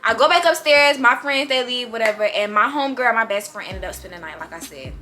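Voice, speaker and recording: A young woman telling a story to her viewers, animated and full of slang. Her voice sits high and bright, and faint music plays underneath. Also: quick pace. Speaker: vlogger. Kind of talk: storytime vlog.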